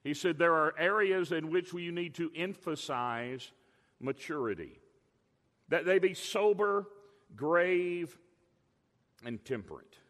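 An older man preaching a sermon as a pastor, emphatic, drawing out key words slowly. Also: a little high, sing-song, a bit bright. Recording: long hall reverb.

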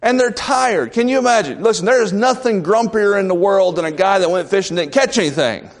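A male pastor preaches a sermon in a church sanctuary, his high-pitched voice moving fairly quickly. He's emphatic and questions the congregation. The long reverb of a large church is audible on the recording.

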